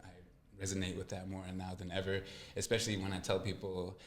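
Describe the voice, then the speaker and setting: A man's voice: low-pitched, completely flat delivery, brisk, echoey room. A young man, a guest in a casual interview, telling his story earnestly and reflectively. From California.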